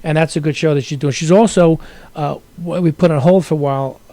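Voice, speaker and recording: A man's voice: a little high, fairly even intonation, a little fast, warm tone, no room sound. A man from Brooklyn appearing as a guest actor, telling rambling stories in a casual interview, with frequent restarts. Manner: rambling storyteller with many restarts.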